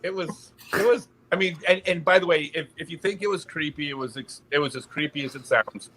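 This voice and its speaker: Guy on a podcast spinning a yarn, keeps chuckling mid sentence, bright kinda high voice. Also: fairly quick, a little hiss or hum. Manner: animated storyteller, laughs mid-sentence. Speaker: podcast guest. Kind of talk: casual chat, anecdote telling.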